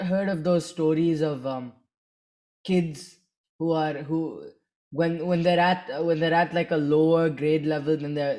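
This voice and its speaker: A man co-hosting a podcast in casual chat, halting with many restarts and fillers. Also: a little high, a little mellow. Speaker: podcast co-host.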